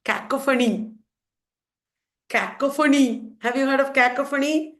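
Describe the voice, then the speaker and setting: A woman's voice: high-pitched, measured pace, a bit bright. A woman with an Indian English accent teaching literature, playfully quizzing her students and answering her own questions. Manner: playful, asks questions and answers them herself. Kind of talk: quizzing students in a revision lecture.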